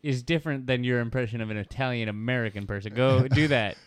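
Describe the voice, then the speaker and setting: A man from Long Island co-hosting a comedy podcast, bantering in a deadpan, joking way. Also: medium pitch, fast talker, dry recording. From Long Island, New York. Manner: deadpan, joking, lots of uh fillers. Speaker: podcast co-host.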